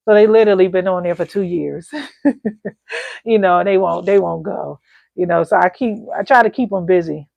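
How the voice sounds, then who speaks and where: Casting: a chatty, animated woman coach with a gravelly, slightly high voice and dry sound. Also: moderate pace, dry recording, muffled recording. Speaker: candle-making coach. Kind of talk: casual storytelling to viewers.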